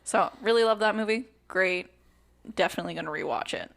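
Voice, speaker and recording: Young adult woman, podcast co-host, candid casual chat, laughs often, reflective, mid-pitched voice. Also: fairly quick, vocal fry, a bit bright.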